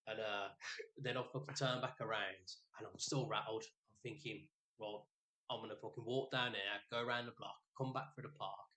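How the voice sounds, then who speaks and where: A man's voice: lowish voice, moderate pace. A man, co-hosting a podcast and telling a rambling, sweary story in casual chat. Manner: rambling, sweary, animated retelling. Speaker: podcast co-host.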